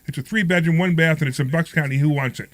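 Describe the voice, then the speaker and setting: A man's voice: a little high, fast talker, no room sound, poor audio. A male talk radio host who has a cold, chatting energetically with co-hosts and reading out the phone number.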